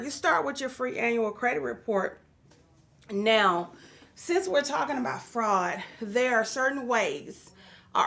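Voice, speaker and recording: A woman's voice: medium pitch, vocal fry, a bit bright. A woman hosting a business and real estate show, talking casually and encouragingly to viewers with lots of fillers. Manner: chatty and encouraging, many fillers, addresses viewers as guys. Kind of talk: casual talk to the camera.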